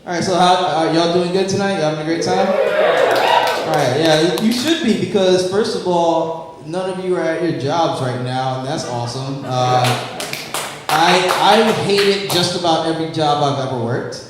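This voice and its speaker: A man's voice: fairly high pitch, moderate pace, very noisy. A man doing a brash, self-mocking stand-up set on a handheld mic at a comedy bar, riffing with the crowd. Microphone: handheld stage mic. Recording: echoey club, live mic.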